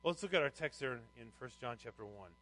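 A man's voice: medium pitch, lively intonation, fast, pushed and bright, rough recording. A middle-aged man preaching a sermon as a pastor, reading scripture and telling anecdotes with rising emphasis.

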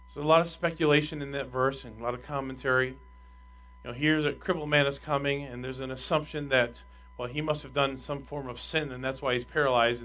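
Speaking at medium pitch, a pastor delivers an emphatic sermon. He keeps throwing rhetorical questions at his congregation, alternating between loud and quiet.

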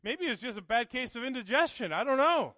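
A man's voice: very high voice, lively intonation, a little fast, bright, forceful tone, dry recording. A male pastor preaching a sermon, emphatic and full of rhetorical questions to the congregation.

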